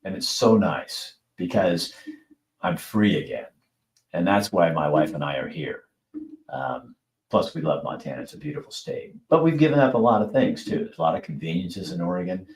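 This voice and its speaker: A man's voice: deep voice, big pitch swings, normal speed, darkish tone, roomy sound, poor audio. A middle-aged man hosting a show, talking bluntly and casually, swearing and mimicking people in raised voices. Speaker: host. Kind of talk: casual opinion monologue.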